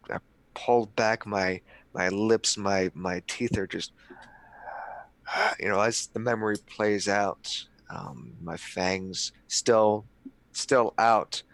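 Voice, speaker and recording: A man playing a tabletop roleplaying game, describing his vampire character's actions in a halting, hesitant way with many restarts. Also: deep voice, gravelly, fairly bright tone, no echo. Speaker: tabletop player.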